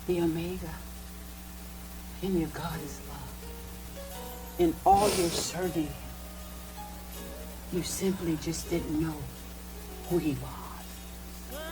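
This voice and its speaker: A woman minister ministering and praying aloud on a TV program, fervent and deliberate, with soft music behind her. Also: a little high, low-quality recording. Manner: fervent, slow and deliberate, preacherly. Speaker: Christian minister.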